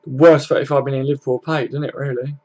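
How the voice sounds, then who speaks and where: A man's voice: mid-range voice, fairly even intonation, quick pace, a little mellow, muffled recording. A young man hosting a casual football-fan live stream, chatting loosely, swearing freely and chuckling as he responds to viewers. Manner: laid-back, swears freely, chuckles often. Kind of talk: casual live-stream chat, reading comments aloud.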